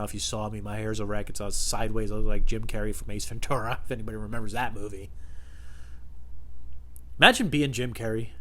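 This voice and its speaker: A man's voice: lowish voice, fairly bright tone. A man hosting a solo podcast, telling rambling, profane comic stories from home. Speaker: podcast host. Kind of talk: solo comedic storytelling podcast.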